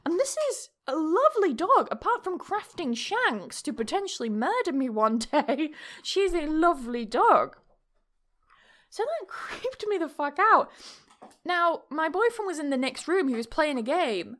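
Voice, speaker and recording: A woman's voice: high voice, big pitch swings, a little slow, fairly bright tone. A young woman, hosting a podcast and telling a story in a rambling, chatty way, swearing freely and laughing often. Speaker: podcast host. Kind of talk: casual storytelling monologue.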